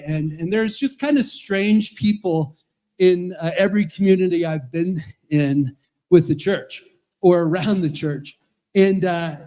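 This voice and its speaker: A man's voice: high voice, mellow. A man in his fifties, an Episcopal priest, telling rambling, chuckling stories in a roast speech at a charity event. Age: 50s.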